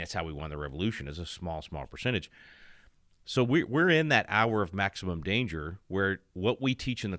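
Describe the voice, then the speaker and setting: A man's voice: low voice, fairly bright tone, no echo, studio quality. A man hosting a talk radio show, speaking off the cuff with frequent restarts and filler words. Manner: halting, full of restarts and fillers.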